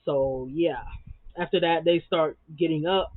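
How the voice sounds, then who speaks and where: A man's voice: a little high, unhurried, no echo. A man giving a casual, sassy reality TV recap, full of slang and repeated words for emphasis. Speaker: TV recap vlogger. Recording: dry tinny phone-like sound.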